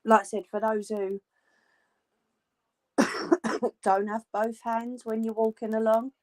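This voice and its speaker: Slow-talking woman hosting a sewing livestream, joking chat, tired edge. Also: on the high side, level tone. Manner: chatty, joking, laughs often with viewers. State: tired, yawning. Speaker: crafting livestream host. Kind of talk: casual chat while sewing live.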